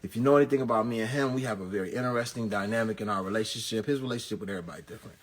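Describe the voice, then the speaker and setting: A pastor, recapping an event as a comedic story, full of quick jokes and asides. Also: male voice, fairly low pitch, slight background noise. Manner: animated, jokey, rapid asides and punchlines.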